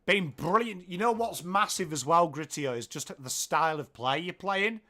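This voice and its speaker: A man's voice: on the high side, normal speed. A man with an English accent hosting a live football watchalong, commentating on play and chatting to viewers in the comments. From England. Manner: chatty, reads viewer comments aloud, gets excited at goals. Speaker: livestream watchalong host.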